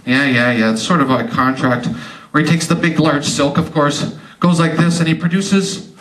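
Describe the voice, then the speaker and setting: A man performing stand-up comedy magic for a live audience, teasing them with quick joking asides. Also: fairly high pitch, recorded from a distance. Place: live show venue. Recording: roomy live stage sound from off-mic, loud audience. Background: audience laughing.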